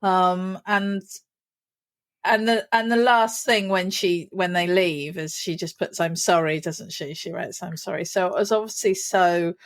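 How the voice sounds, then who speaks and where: A woman's voice: on the low side, steady tone, a little slow. A woman, co-hosting a podcast, talking emotionally in a rambling way. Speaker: podcast co-host. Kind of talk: casual chat.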